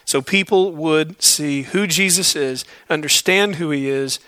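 Bright high-voiced preacher man. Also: unhurried, dry recording. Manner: direct, exhorting, repeats key phrases. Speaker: Bible study leader. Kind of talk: sermon to a men's group.

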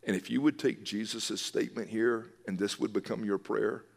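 A low-voiced man preaches a sermon, earnest and emphatic, and he leans on repeated phrases to drive each point home. His voice rings out with a long reverb, as if it fills a church hall. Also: steady tone, moderate pace, creaky, a little mellow. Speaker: pastor.

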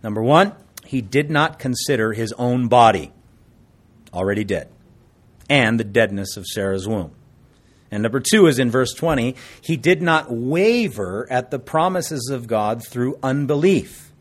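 A man's voice: mid-range voice, animated, a little slow. A man preaching a sermon as pastor, explaining scripture and joking with the congregation. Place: church service before a congregation.

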